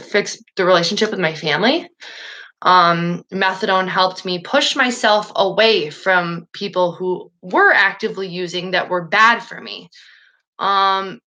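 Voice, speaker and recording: Casting note: distraught woman on a live stream, bright and tense tone, swears, breaks off mid-sentence. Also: on the low side. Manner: upset, swears, trails off and restarts. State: sad and agitated. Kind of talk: emotional live-stream monologue.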